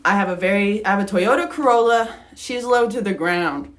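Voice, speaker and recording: A woman's voice: mid-range voice, moderate pace. A young woman co-hosting a podcast, candidly telling a personal story, getting emotional and laughing through it. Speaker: podcast co-host.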